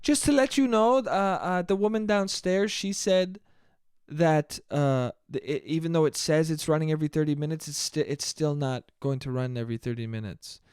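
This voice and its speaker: A man puts on a helpful young woman with a vague European accent. She halts and stumbles while passing on news, her voice sitting fairly high. The sound is dry and close. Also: a little mellow, smooth, dry recording, close to an everyday voice. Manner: halting, hesitant, stumbling over words.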